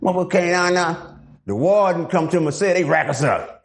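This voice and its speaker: Middle-aged man for a gritty interview, animated and profane, jumps into the voices of the people in his stories. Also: high-pitched, fairly quick, creaky. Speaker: guest. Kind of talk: casual storytelling interview.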